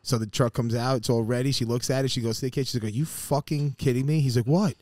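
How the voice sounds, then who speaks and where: A man co-hosting a podcast, telling stories in a casual, profane, animated way and acting out the people in them. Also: mid-range voice, quick pace. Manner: animated, profane, acts out quoted voices. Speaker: podcast co-host. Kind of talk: casual chat, storytelling.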